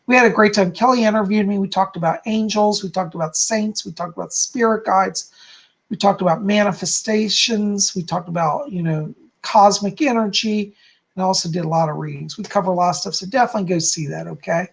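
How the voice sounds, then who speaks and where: Gravelly psychic man reading live. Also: sits high, a little fast. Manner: relays spirit messages to viewers by name. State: losing his voice. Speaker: psychic hosting a live stream.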